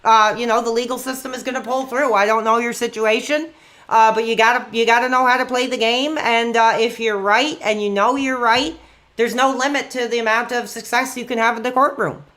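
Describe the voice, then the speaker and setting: A man hosting a call-in livestream, talking in an excitable way, repeating himself and swapping in mild stand-in swears. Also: extremely high pitch, fairly quick. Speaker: livestream host taking calls. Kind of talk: hyped call-in livestream chat.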